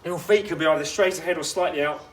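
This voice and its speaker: Male fitness coach, higher voice, chatty instructive delivery with asides, outdoor take with light ambience. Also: fast, a little hiss or hum. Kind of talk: guided workout instruction.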